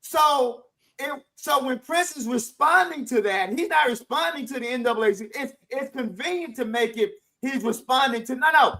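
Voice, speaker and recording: Brief: middle-aged male podcast co-host with a high voice, forceful and insistent, stacking restarts as he argues. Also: normal speed, gravelly, poor audio. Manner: emphatic, animated, repeats words while building a point. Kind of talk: casual discussion.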